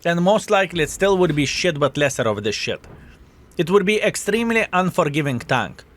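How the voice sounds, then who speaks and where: A man's voice: fairly high pitch, animated, brisk, fairly bright tone. A man streaming a tank game, commenting on the action, swearing and thanking chat viewers by name. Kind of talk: live gameplay commentary and chat reading.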